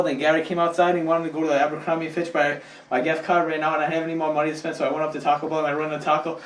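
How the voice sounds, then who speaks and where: A man rattling off an improvised nonsense story in a rapid, deadpan stream of absurd events, recorded among friends. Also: fairly high pitch. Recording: echoey room from a distance, faint noise.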